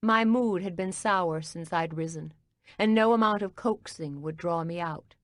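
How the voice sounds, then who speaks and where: A woman reading a cozy mystery audiobook as narrator, in a calm, even storytelling manner. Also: on the low side, a little slow, no echo, clean studio sound.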